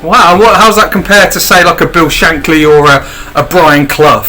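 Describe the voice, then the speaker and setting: A man interviewing a guest, asking quick, eager questions. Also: on the high side, pushed and bright, soft background music.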